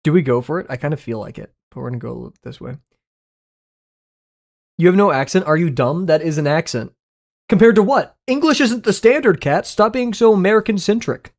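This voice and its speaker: Excitable, swearing live streamer. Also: medium pitch, fairly quick. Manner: excitable and joking, swears freely, laughs often; reacts aloud to viewers' chat messages. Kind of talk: casual live-stream chat with viewers.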